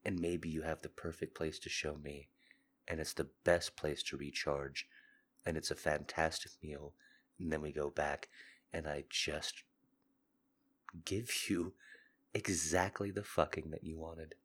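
A man hosting a podcast with a sick, hoarse voice, talking in an intimate confessional monologue. He is earnest and seductive, swinging between loud urging and soft murmurs. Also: very deep voice, flat delivery, measured pace. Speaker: podcast host.

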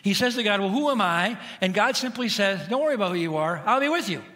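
A middle-aged man preaching in a church. His voice sits high and sounds bright and forceful, and he moves from quiet, intimate moments to loud, rousing shouts. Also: animated, fast talker. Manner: conversational preaching, swings from hushed to shouting. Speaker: pastor. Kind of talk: sermon. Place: church sanctuary.

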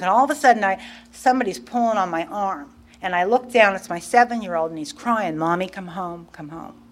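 A middle-aged woman candidly telling her own recovery story, acting out her past self in quoted asides. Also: medium pitch. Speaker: guest speaker sharing recovery story. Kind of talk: personal storytelling at a recovery meeting.

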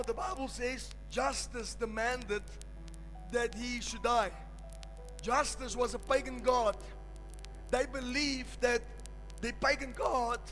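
High-voiced fervent male preacher. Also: poor audio. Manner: fervent, rising to shouts, calls on the congregation. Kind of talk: sermon. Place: church service.

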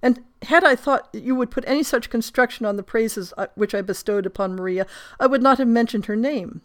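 A woman's voice: fairly high pitch, brisk, close to an everyday voice. A woman reading aloud the lines of an affectionate, resolute young noblewoman in tender, formal prose. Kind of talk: reading a period novel aloud.

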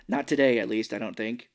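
A man co-hosting a podcast, casually recapping a movie scene by scene and acting out the characters' lines with plenty of swearing. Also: medium pitch. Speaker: podcast co-host.

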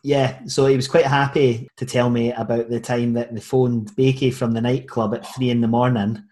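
Relaxed Scottish man hosting. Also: medium pitch, moderate pace, a little hiss or hum. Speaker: podcast host. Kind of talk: casual podcast chat.

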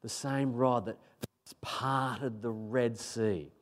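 A man's voice: medium pitch, fairly even intonation, extremely slow. Man preaching in a colloquial style. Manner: colloquial, emphatic preaching with repeated phrases. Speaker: pastor. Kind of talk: sermon.

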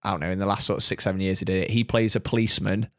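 A man's voice: deep voice, steady tone, rapid-fire. A young British man, a podcast co-host, chatting casually and retelling a film with plenty of swearing and mimicked voices. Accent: British English. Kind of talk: casual chat.

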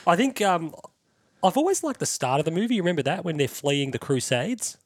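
A man's voice: a little high, sing-song, fairly quick, a little hiss or hum. A man hosting a podcast, chatting casually and enthusiastically about old films, swearing freely. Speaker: podcast host. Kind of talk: casual chat.

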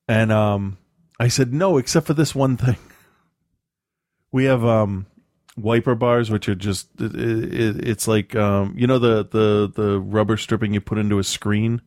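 A man's voice: on the low side, fairly even intonation, a little mellow, dry recording, clean studio sound. A man in casual chat, telling rambling, profane stories with a lot of restarts and self-mocking asides. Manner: halting with frequent restarts and ums.

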